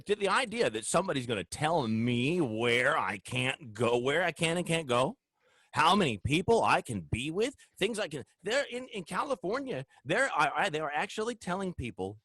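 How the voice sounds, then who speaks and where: Animated, ranting male talk host. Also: medium pitch, no echo. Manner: heated, ranting, addresses audience directly. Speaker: show host. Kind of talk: opinionated political talk show. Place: studio.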